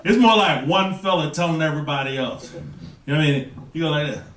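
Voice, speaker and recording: A man whose voice sits on the high side delivers fast stand-up comedy, talking to the audience and putting on voices to mock people. Recorded from a distance in a roomy club, it carries a little hiss or hum plus a loud crowd's laughter and applause.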